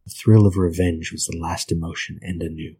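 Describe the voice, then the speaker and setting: A man reading a grim old folk tale aloud in a measured, grave manner. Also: low-pitched, steady tone, mellow, slightly rough, poor audio. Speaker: narrator.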